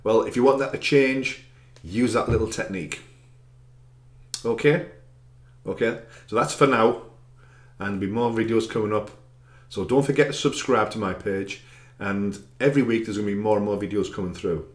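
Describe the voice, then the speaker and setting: A man with a fairly low voice coaches his viewers on self-confidence. He speaks directly and encouragingly, punching key words with extra volume. The room around him adds a noticeable echo. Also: normal speed, pauses often. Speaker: anxiety coach. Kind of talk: self-help video talk.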